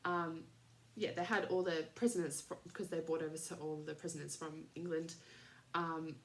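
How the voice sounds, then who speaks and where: An Australian woman in her thirties talks through her podcast in a loose, rambling way, full of ums and small laughs. Her voice sits a little low for a woman, and it feels like a relaxed, friendly catch-up with listeners. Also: moderate pace. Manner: rambling, chatty, many fillers and laughs. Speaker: podcast host. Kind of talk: casual chat.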